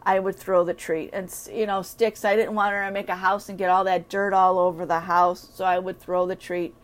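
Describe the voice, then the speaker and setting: A woman's voice: on the low side, fairly quick. Chatty woman telling dog-training stories. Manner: rambling, animated storytelling with acted-out dog voices. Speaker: dog owner sharing training tips. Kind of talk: casual chat.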